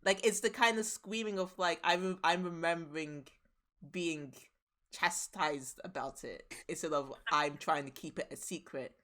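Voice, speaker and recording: A woman's voice: deep voice, moderate pace, a bit bright. A woman narrating as game master of a tabletop game, rambling with many fillers and restarts.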